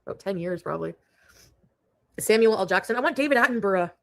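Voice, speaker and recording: A woman's voice: medium pitch, expressive, quick pace, gravelly. A woman co-hosting a casual online chat, playful and giggly, joking around. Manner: playful, giggly, jokey voice imitations. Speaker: co-host.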